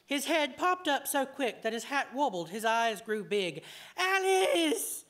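A woman reading her own short story aloud at a fiction night, in an expressive storytelling manner. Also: a little high, moderate pace.

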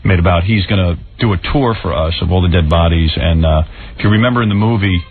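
A man's voice: deep voice, quick pace, soft background music. A man hosting a radio talk show, wry and offhand, chuckling between remarks. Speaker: radio host. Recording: tinny phone-like radio broadcast.

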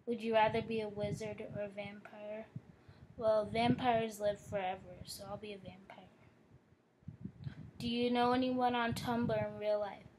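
A woman's voice: mid-range voice, little pitch movement, a little slow, noisy background. A young woman from Colorado with a Colorado accent, casually reading questions and word lists aloud and answering them briefly. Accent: American, Colorado. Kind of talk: casual reading of a list challenge.

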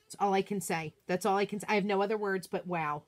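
A woman hosting a live crafting demo, chatting excitedly and talking to herself as she works. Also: medium pitch, fast talker. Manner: excitable, gushing, talks to herself while working. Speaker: craft demonstrator, live streamer.

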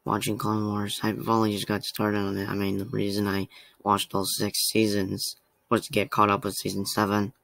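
A man's voice: on the low side, monotone, normal speed, creaky, fairly bright tone. A man hosting a reaction vlog, talking casually to the camera in a rambling, emotional way and laughing at himself often. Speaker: reaction channel host. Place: home room.

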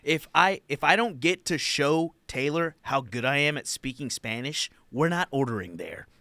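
A man's voice: on the high side, lively intonation, normal speed, bright, forceful tone, no echo. A young man hosting a comedy podcast, telling rambling, giggly stories in casual chat.

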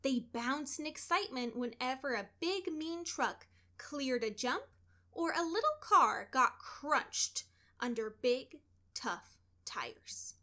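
Bright high-voiced woman reading a story. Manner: expressive, deliberate storytelling. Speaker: storybook reader. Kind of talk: children's story read-aloud.

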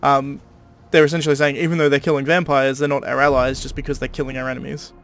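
A man's voice: mid-range voice, flat delivery, fast talker, fairly bright tone. A man with an Australian accent giving casual, thinking-aloud commentary while playing a game, with frequent ums. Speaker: let's-play host. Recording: faint game music behind.

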